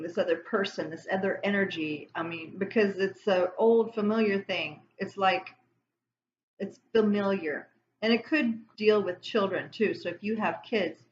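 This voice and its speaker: A woman's voice: a little high, echoey room, muffled recording, slight background noise. A woman giving a casual spiritual tarot reading to camera, rambling and going off on tangents. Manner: rambling, warm-hearted, self-interrupting. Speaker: tarot reader.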